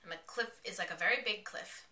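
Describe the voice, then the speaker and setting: A young woman hosting a casual podcast, excitedly recapping a TV episode and quoting the characters in quick bursts, with some swearing. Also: mid-range voice. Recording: echoey room.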